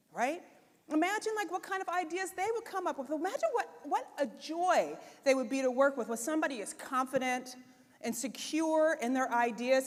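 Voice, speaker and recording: A woman giving a conference keynote, talking in a conversational, expressive way with lots of "right?" and "like". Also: very high voice. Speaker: conference speaker. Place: conference hall. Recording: long hall reverb.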